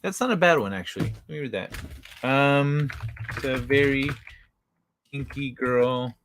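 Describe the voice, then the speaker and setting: A man's voice: mid-range voice, lively intonation, normal speed, a bit bright, a little hiss or hum. A man hosting a casual late-night livestream, joking crudely and bantering with his chat. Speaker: livestream host.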